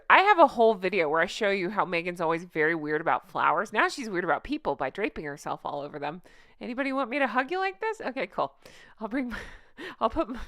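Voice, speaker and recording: A woman's voice: mid-range voice, sharp tone, no echo, clean studio sound. A young adult woman hosting casual commentary, sarcastic and giggly, rambling through asides. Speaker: commentary channel host.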